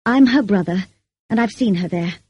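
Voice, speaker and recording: A woman's voice: mid-range voice, normal speed, darkish tone, slightly rough, no echo, close to an everyday voice. A woman reading the lines of a frightened male stranger in an audiobook, speaking weakly and shakily. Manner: weak and trembling.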